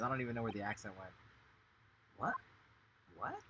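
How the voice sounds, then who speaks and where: A man's voice: medium pitch, very animated, moderate pace, pauses often, background noise. A man streaming a story game, laughing and making casual asides between the character voices he reads aloud. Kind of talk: live game playthrough reading aloud.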